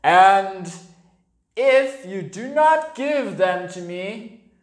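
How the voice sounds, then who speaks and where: A woman voicing a menacing bear who demands eggs, with slow, loud, drawn-out threats. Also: mid-range voice, animated, roomy sound. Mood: threatening.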